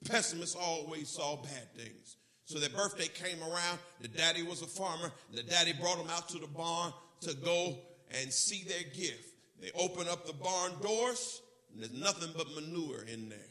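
Male pastor for a church service: high, very bright voice, folksy storytelling delivery aimed at the congregation. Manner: folksy storytelling preacher, speaks straight to the congregation. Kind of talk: sermon.

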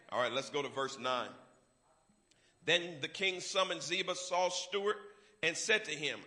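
A man preaching a sermon to a congregation, swinging from quiet asides to loud, drawn-out declarations. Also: a little high. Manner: rising to loud, drawn-out preaching with call-and-response.

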